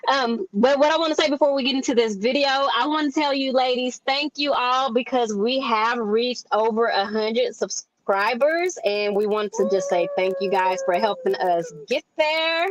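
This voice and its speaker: A woman's voice: on the high side, moderate pace, few pauses, no room sound, rough recording. A woman co-hosting a podcast, chatty and talking straight to her listeners. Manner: chatty, addresses listeners directly. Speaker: podcast co-host. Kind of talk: casual podcast chat.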